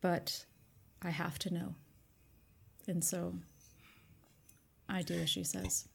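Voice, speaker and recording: A woman plays in a tabletop game and speaks thoughtfully in character. Her voice is at a middle pitch and has a gravelly fry. She explains her character's choices. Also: level tone, slow pace, a bit bright, a little hiss or hum. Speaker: player. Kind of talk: tabletop role-play.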